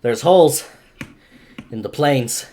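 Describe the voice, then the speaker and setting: A man voicing an overexerted male mage who speaks hoarsely, curt and sardonic. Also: medium pitch, expressive, slow, warm tone. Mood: urgent, curt.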